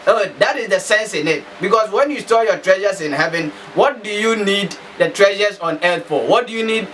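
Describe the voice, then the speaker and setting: A man's voice: sits high, bright, forceful tone. A man from Africa delivering an impassioned, emphatic monologue full of repetition and rhetorical questions. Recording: slightly distant mic, faint background noise.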